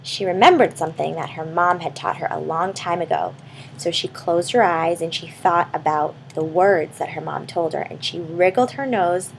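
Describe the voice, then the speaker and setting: A woman telling an improvised bedtime story to a child, speaking warmly and turning to the listener with questions. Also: fairly low pitch, normal speed, gravelly, slight background noise, low-quality recording. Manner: warm, addresses the listening child directly.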